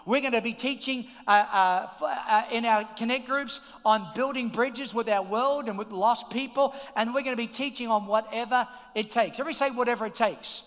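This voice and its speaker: A middle-aged man preaching a sermon as pastor, energetic and calling out to the congregation in a large church auditorium. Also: extremely high pitch, brisk, hardly any pauses. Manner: energetic, shouting calls to the congregation. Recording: long hall reverb.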